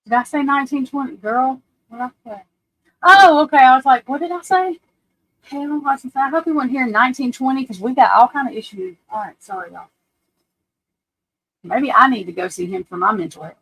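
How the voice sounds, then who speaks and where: A woman's voice: sits high, fairly quick, fairly bright tone, low-quality recording. A woman, hosting a casual livestream at home, chatty and self-deprecating, talking to viewers and her computer. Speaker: livestream host.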